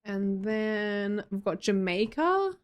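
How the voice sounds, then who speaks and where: A woman's voice: medium pitch, sing-song, slow. An Australian woman, a young adult, hosting a casual livestream chat, reading chat aloud and laughing often. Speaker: livestream host.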